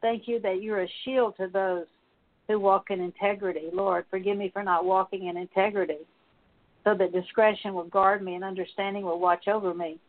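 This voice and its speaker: A woman praying aloud as a minister, leading a spoken prayer of confession as a steady litany of repeated petitions. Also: mid-range voice, moderate pace. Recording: tinny phone-like sound.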